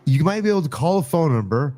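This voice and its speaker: A man's voice: fairly high pitch, big pitch swings, fast, dark tone. A man co-hosting a podcast, chatting casually and rambling with lots of restarts and laughs. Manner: rambling, trailing off, laughing at own jokes. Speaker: podcast co-host. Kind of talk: casual chat.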